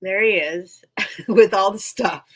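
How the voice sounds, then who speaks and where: A woman's voice: mid-range voice, slow, low-quality recording. A woman hosting a casual live-stream sale, chatty and rambling, laughing often while recovering from being unwell.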